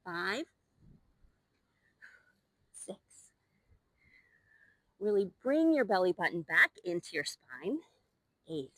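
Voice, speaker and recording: A woman's voice: lowish voice, sing-song, slow pace, pauses often, a bit bright, no room sound. A young woman leading a Pilates workout, out of breath as she exercises along, counting reps and giving encouraging cues. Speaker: Pilates instructor. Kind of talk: live workout instruction with counting. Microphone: new microphone.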